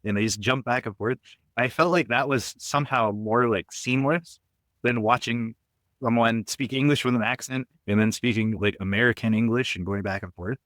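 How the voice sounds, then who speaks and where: A man's voice: medium pitch, moderate pace, a bit bright, no echo. Opinionated Canadian man, dry sound. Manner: opinionated, emphatic. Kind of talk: casual chat.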